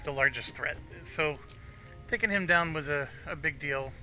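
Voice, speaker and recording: A middle-aged man talks through his gameplay in a very bright, clear-toned voice that sits a little high for a man. He thinks aloud in an easygoing way, with small restarts, while faint game music plays behind him. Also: moderate pace. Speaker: gameplay commentator. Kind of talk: casual let's-play commentary.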